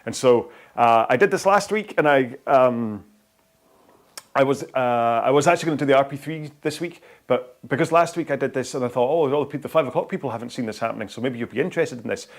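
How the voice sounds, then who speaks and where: A man's voice: mid-range voice, fast talker. A man hosting a live rowing workout stream, talking in a chatty, rambling way with lots of fillers and restarts.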